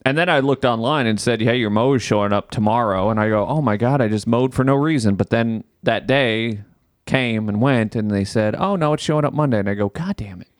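A man's voice: fairly low pitch, fairly quick, no room sound, clean studio sound. A man hosting a podcast, telling a story in casual chat, swearing freely and acting out his own exasperation. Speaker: podcast host.

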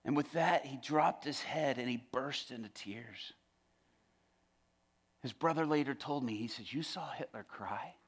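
A man preaching a testimony as dramatic storytelling, often dropping to a hush for emphasis. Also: mid-range voice, a little slow, pauses often.

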